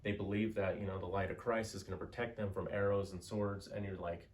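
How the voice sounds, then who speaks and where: Male history lecturer, lowish voice, chatty storyteller, lots of "you know"s. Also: fairly quick, hardly any pauses, recorded from a distance. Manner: animated, chatty, many fillers. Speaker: history teacher.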